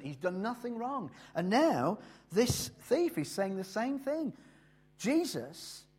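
A man preaching a sermon, slowing down and swelling in loudness on key phrases before dropping low again. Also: husky. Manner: emphatic, rises and drops in loudness and slows on key phrases.

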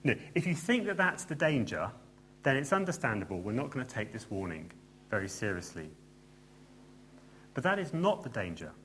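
A man's voice: medium pitch, big pitch swings, normal speed, long pauses, fairly bright tone, a little hiss or hum. A man preaching a sermon in a church, earnest and emphatic, with light asides to the congregation.

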